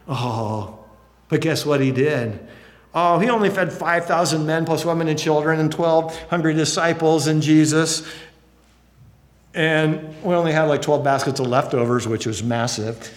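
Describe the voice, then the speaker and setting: A man preaching a sermon, lively and expressive, acting out excited voices now and then. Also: measured pace. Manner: animated, acts out excited voices with big pitch jumps. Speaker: pastor. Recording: long hall reverb.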